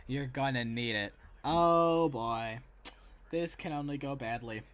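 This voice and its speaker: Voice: mid-range voice, slow, a little hiss or hum. Wry, sarcastic streamer voice. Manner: wry, sarcastic running commentary; reads and answers chat. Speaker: streamer reacting to an animated episode. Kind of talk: casual live-stream reaction.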